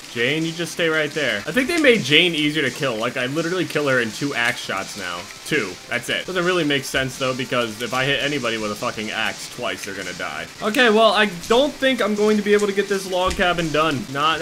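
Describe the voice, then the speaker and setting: A young man commentating a horror survival game, panicky and swearing, yelling at the game as he plays. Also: fairly high pitch, lively intonation, fairly quick, hardly any pauses. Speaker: gameplay streamer. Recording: loud game music behind the voice.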